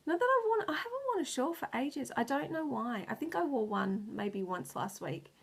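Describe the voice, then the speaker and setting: A woman's voice: on the high side, lively intonation, normal speed, vocal fry, slightly rough. A tired, stressed woman hosting a knitting video podcast. She rambles, loses her words and laughs often. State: tired and stressed, close to tears. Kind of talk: casual chat.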